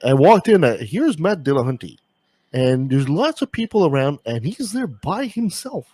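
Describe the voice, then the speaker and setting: A man hosting a podcast, telling stories in a casual, animated way, laughing as he goes. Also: on the high side, moderate pace, breathy edge, no echo. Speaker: podcast host. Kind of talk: casual chat.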